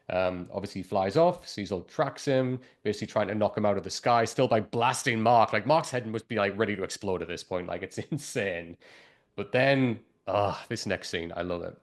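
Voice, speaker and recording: A man hosts a relaxed review chat, his voice sitting a little on the low side. He rambles freely, leaning on fillers and the odd curse as he works through his points. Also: moderate pace. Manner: rambling, heavy use of fillers and profanity. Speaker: podcast host.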